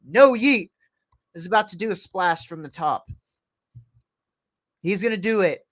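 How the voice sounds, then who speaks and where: Guy w a high pitched voice going a bit hoarse, reacting live to wrestling at his pc, hyped play by play, super dry audio. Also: normal speed, no echo. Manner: excited play-by-play, calling moves as they happen. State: starting to lose his voice. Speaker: livestream host. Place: at home by his PC.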